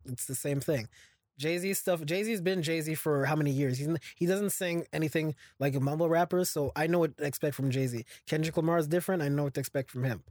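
A man's voice: fairly high pitch, brisk, darkish tone, no room sound, clean studio sound. A man co-hosting a casual podcast, ranting with strong opinions and frequent restarts. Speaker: podcast co-host.

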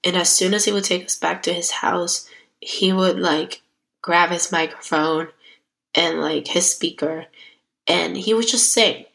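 Gravelly-voiced woman podcast host. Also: on the low side, steady tone, a little slow, fairly bright tone, rough recording. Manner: emotional, heartfelt, chatty. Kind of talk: casual solo podcast talk.

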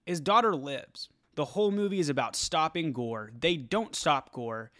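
A man co-hosting a casual movie review chat, animated and profane, often laughing. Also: on the high side, normal speed, dry recording, studio quality. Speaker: movie review podcast co-host.

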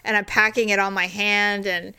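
A woman's voice: mid-range voice, level tone, normal speed, sharp tone, clear, resonant tone. A woman co-hosting a casual chat, telling a story with lots of energy and acting out the voices of the people in it. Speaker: co-host.

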